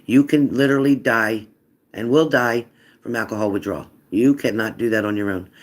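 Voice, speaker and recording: A man's voice: mid-range voice, steady tone, brisk. A man hosting a tarot live stream in a casual, chatty way, reading out viewer comments and answering them earnestly.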